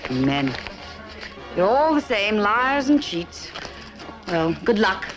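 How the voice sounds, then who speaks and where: A woman plays a con artist in a 1960s TV drama, cool and curt, with a weary edge. Her pitch moves a lot. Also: big pitch swings, slow, lo-fi sound, music in the background.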